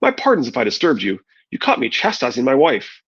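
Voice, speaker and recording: A man's voice: mid-range voice, huge pitch swings, fairly quick, a bit bright, slightly rough, lo-fi sound, full character voice. A man reading a sardonic chained knight. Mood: mocking, commanding. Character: Jaime, proud mocking knight in chains.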